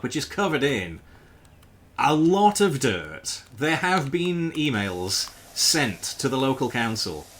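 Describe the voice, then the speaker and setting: Lively, bright-voiced male streamer. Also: medium pitch, breathy edge. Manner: animated, joking, swears freely. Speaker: variety streamer. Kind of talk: casual live-stream chat to viewers.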